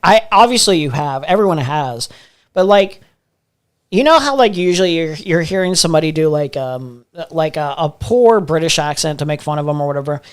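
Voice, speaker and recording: A man's voice: on the high side, expressive, moderate pace, clear, resonant tone. An American man hosting a livestream, chatting casually while reacting to clips, laughing often, swearing and repeating himself. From United States. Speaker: livestream host. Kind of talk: casual reaction stream commentary.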